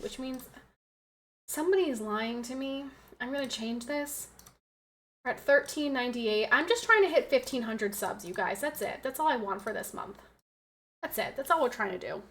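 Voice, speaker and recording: A young pregnant woman streaming, chatting with her viewers in a loud, excitable, fast-talking way. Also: high-pitched. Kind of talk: casual chat with live viewers.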